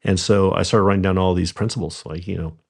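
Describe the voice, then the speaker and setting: A middle-aged man, a podcast guest, telling stories from his business in a halting way with many fillers and restarts. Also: low voice, steady tone, vocal fry, darkish tone, slightly rough. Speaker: podcast guest, rental company founder. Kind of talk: conversational storytelling interview.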